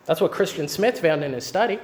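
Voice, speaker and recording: High-voiced man preaching a sermon. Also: animated, a little fast. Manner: emphatic teaching with rhetorical questions. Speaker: pastor.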